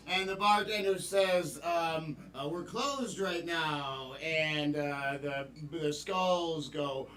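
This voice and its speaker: Bright-voiced man telling pun jokes. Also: a little high, slow, few pauses. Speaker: improv performer. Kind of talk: improvised stage comedy. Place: comedy theater stage. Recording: echoey stage.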